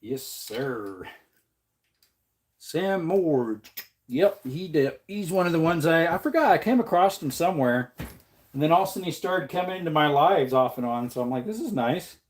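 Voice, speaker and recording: A man's voice: expressive, normal speed. A man hosting a livestream, casually reading out and answering viewer comments with frequent laughs and jokes. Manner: laughs often, jokey, repeats "man" and "allegedly"; puts on a higher voice when quoting people. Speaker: livestream host.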